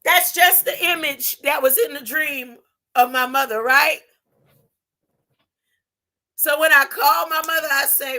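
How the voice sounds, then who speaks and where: A woman giving an impassioned spiritual monologue, drawing her words out and tagging her points with a rising "huh?". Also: high voice. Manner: drawn-out, deliberate phrasing with sudden loud bursts. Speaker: spiritual video preacher.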